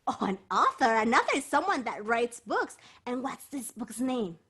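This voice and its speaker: A woman's voice: fairly high pitch, big pitch swings, normal speed, a bit bright, husky. A woman hosting a bilingual children's show, playful and encouraging as she talks to the kids. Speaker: children's performer.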